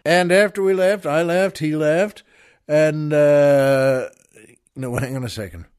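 A man's voice: fairly high pitch, slow pace, darkish tone, clear, resonant tone. Chuckling older man telling a rambling story. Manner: rambling, self-amused, laughs through his own anecdote. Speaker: podcast host. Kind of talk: casual storytelling monologue.

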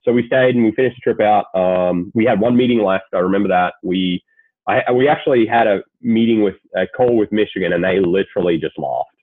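Australian guy, late 20s, low voice, laid-back, swears a lot, phone-quality audio. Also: fairly quick, slightly rough, dry recording. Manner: laid-back, swears freely, many fillers. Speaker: guest, sports agent. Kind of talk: casual storytelling. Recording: tinny phone-like call audio.

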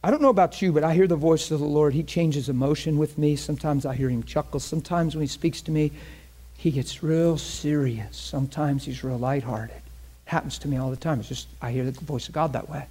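A man's voice: a little high, brisk, breathy edge. Emotional male preacher, voice breaking. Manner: emotional, voice breaking, swings from hushed to loud; earnest storytelling with quoted speech. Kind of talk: testimony sermon.

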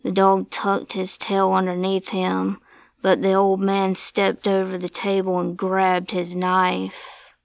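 A woman narrating a scripted ghost story in a slow, measured storytelling manner, sometimes dropping to a hush. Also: medium pitch, monotone, gravelly, dry recording.

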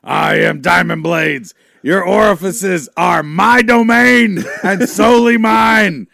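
A man playing a gravelly, shouting wrestler. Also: dry recording, clean studio sound, full character voice. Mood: boastful. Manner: booming promo delivery, slow and shouted. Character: brash boastful male pro wrestler.

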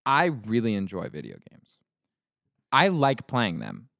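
A young man co-hosting a podcast, chatting casually and telling stories with lots of animated voices. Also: fairly low pitch, measured pace, creaky, no room sound, clean studio sound. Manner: animated storyteller acting out voices. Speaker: podcast co-host. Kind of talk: casual chat.

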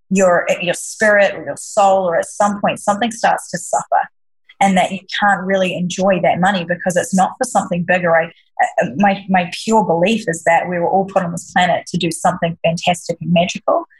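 A woman with a slightly low, husky voice talks earnestly as a podcast guest. She is a leadership coach and answers reflectively, often circling back and restarting her sentences. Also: steady tone, normal speed, rough recording. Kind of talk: conversational interview answers.

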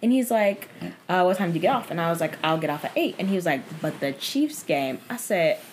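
Low-voiced young woman telling a dating story. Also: quick pace, a little hiss or hum. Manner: profane, animated retelling with many fillers. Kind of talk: casual storytelling chat.

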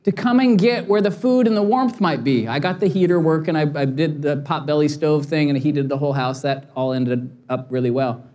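Middle-aged man preaching an animated story. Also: fairly high pitch, normal speed, hardly any pauses. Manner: animated storytelling, acting out quotes, laughing at himself. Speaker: pastor. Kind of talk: sermon.

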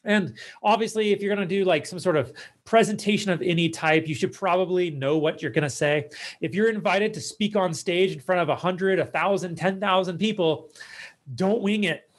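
A man's voice: high-pitched, brisk. A man hosting his own podcast as a speaking coach, giving casual advice in a chatty, self-deprecating way with joking asides.

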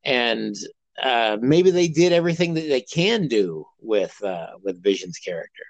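A man talks casually as a podcast co-host, rambling and restarting his sentences, with plenty of fillers. His voice sits at an ordinary middle pitch. The sound is dry and close, with no room around it. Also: sing-song, unhurried, no room sound, low-quality recording. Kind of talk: casual chat.

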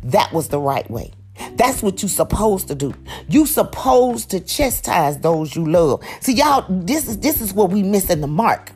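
A woman with a husky, slightly breathy voice delivers a motivational talk in a preachy, emphatic way. Her pitch swings widely as she calls out to her listeners. Soft music plays faintly underneath. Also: sing-song, unhurried. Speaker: motivational speaker.

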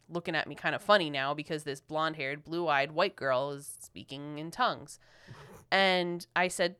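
A woman from Philadelphia co-hosting a marriage podcast, telling a story in an animated way and acting out what people said. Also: low voice, normal speed, smooth. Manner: animated, quotes people in lively voices. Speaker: podcast co-host. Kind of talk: casual storytelling chat.

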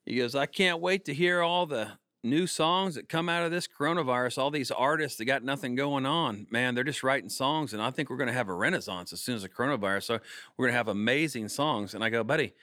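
Lively joking male storyteller. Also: medium pitch, fast talker, dry recording, studio quality. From Kansas, United States. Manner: animated, jokey storyteller. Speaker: singer-songwriter guest. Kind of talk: casual storytelling interview.

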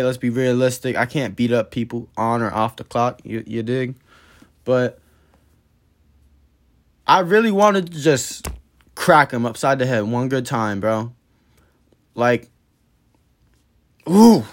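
A man's voice: medium pitch, moderate pace, long pauses. A man hosting a podcast, telling a story in a blunt, profane, heated way. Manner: blunt, profane, heated retelling of a work dispute. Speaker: podcast host. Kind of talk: casual storytelling monologue.

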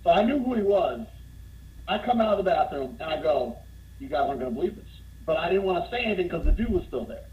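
A man telling a funny bar story in casual conversation, getting more animated as he goes. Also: quick pace, dull audio. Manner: animated, gets louder and higher as the story builds.

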